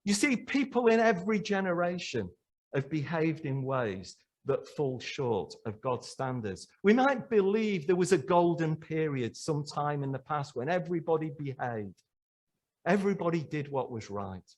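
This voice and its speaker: A man's voice: on the high side, very animated, moderate pace. A man preaching a sermon in church, emphatic and full of rhetorical questions to the congregation.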